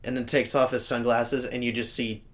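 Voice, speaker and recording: A man co-hosting a casual podcast, recapping a horror film with a partner. He throws in crude punchlines and quick jokes. His voice has an everyday middle pitch. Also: little pitch movement, a bit bright. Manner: joking, crude quips and punchlines. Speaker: podcast co-host. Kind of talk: casual movie recap chat.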